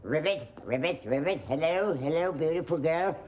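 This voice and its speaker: Older woman croaking as a sad frog prince. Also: sits low, moderate pace, heavy background noise, close to an everyday voice. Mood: pleading. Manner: croaking, pleading. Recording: studio audience laughter behind.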